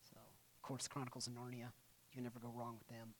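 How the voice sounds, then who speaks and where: A church history teacher talks casually to a class, drifting into side stories and acting out the quotes. The tone stays chatty, with teasing asides, and the pitch sits in a middle range. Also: completely flat delivery, quick pace, slight background noise. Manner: retells stories with acted-out quotes.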